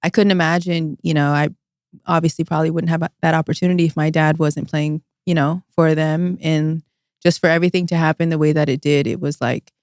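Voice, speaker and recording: A woman's voice: low voice, level tone, brisk, darkish tone, no room sound, clean studio sound. A young woman from Las Vegas, a DJ guest in a casual interview, bubbly, laughing often and saying "like" a lot.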